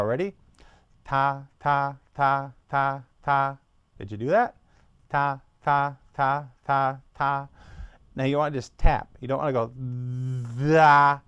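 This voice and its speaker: A man's voice: mid-range voice, a bit bright, clean tone, no echo. A man teaching a beginner trumpet lesson, patiently walking through each step and sounding out practice syllables.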